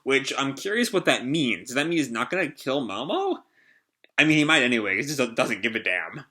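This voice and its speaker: Man, casual comic reaction host, bright tone, rambling with fillers. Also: mid-range voice, very animated, fairly quick. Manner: rambling, with many fillers and restarts. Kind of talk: casual live reading and reaction.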